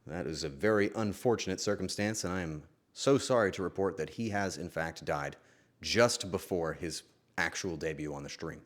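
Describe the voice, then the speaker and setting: A young man hosting a stream, telling a story to his chat in a casual, swearing, animated way. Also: deep voice, normal speed. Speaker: streamer host.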